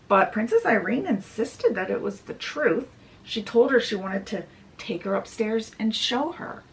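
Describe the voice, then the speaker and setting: A woman's voice: a little high, expressive, a little slow, a little hiss or hum, rough recording. A woman book reviewer retelling a fairy tale in a chatty, casual way, adding asides. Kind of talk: casual storytelling summary.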